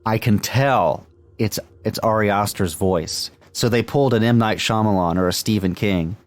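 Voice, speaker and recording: A man's voice: fairly low pitch, moderate pace, dry recording. A man co-hosting a movie podcast, chatting casually with many fillers and restarts and laughing often. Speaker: podcast co-host.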